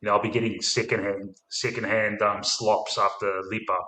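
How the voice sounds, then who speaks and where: A man's voice: lowish voice, level tone, normal speed, sharp tone. An Australian man hosting a casual live stream about football, rambling and laughing, calling people mate. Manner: rambling, laughs often, says mate a lot. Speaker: stream host. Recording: roomy echo.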